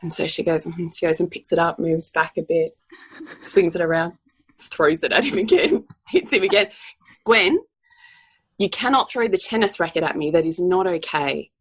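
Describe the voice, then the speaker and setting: A woman's voice: on the low side, moderate pace, breathy edge. A woman in her forties, co-hosting a casual podcast chat and telling family stories animatedly with frequent laughter. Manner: animated storyteller, laughs often, swears casually. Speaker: podcast co-host.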